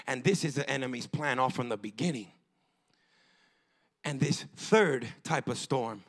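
A male pastor delivering a fervent, emphatic sermon that rises into bursts of shouting. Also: high voice. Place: church.

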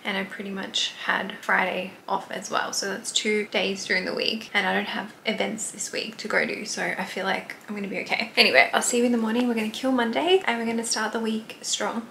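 A woman's voice: medium pitch, steady tone, brisk, vocal fry, few pauses, a little hiss or hum. A young Australian woman with a slight lisp, vlogging casually, frank and swearing freely, sometimes dropping to a whisper. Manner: chatty, frank and swears freely, often drops to a hushed whisper. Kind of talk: casual vlog to camera.

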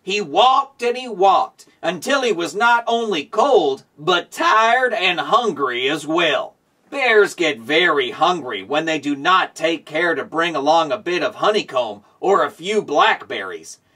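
A man hosting a show and reading a children's storybook aloud in a slow, expressive storytelling way. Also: fairly high pitch, husky, distant mic. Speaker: show host.

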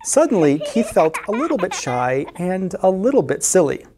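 A woman librarian reading a picture book aloud to children in an expressive storytelling voice. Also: fairly low pitch, normal speed.

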